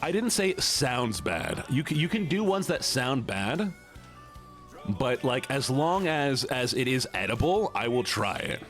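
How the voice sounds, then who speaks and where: Young male streamer, mid pitch, lively and laughing, faint music bed. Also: a little slow. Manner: animated, laughs often, reacts to chat. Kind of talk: casual livestream chat reading.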